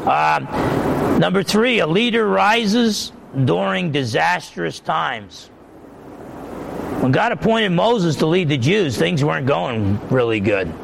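A man preaches as a pastor, his voice deeply gravelly and somewhat high. He drives each point home through repetition and rises in pitch when stirred. The recording is noisy, with traffic sounds behind him. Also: animated, slow. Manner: emphatic preaching, repeats key points, voice climbs when stirred. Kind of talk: sermon.

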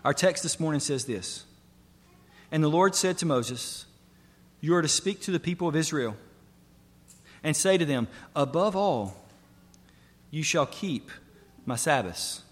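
A man's voice: fairly high pitch, expressive, measured pace, long pauses. A man preaching a sermon to his congregation, earnest and emphatic, building through repeated phrases. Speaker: pastor. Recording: long hall reverb.

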